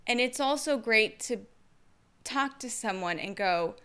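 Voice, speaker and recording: Young woman, bright clear voice, slightly high, energetic storytelling, expressive, playful asides. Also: measured pace. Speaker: vlogger sharing her story. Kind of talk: casual personal storytelling to camera.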